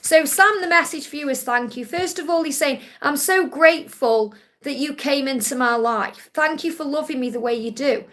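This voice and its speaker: High-voiced soothing woman giving readings. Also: normal speed, hardly any pauses. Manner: gentle and reassuring, ends points with a soft "okay?"; relays messages in first person with emphatic repetition. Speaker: psychic card reader hosting a live Q&A. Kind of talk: live stream reading.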